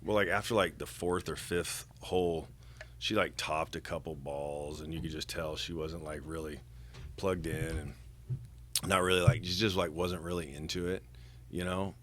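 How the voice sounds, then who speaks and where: A man's voice: low voice, steady tone, normal speed, a bit bright, slight background noise. A man co-hosting a podcast, chatting casually in a rambling, teasing way with many fillers. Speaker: podcast co-host. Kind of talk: casual chat.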